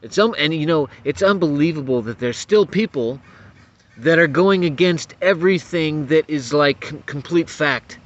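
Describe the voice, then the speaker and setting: A man's voice: a little high, normal speed. A man giving an angry, profane political rant to camera, getting worked up and stumbling over repeated words. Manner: profane, agitated, stumbling restarts. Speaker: vlogger. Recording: dull lo-fi audio.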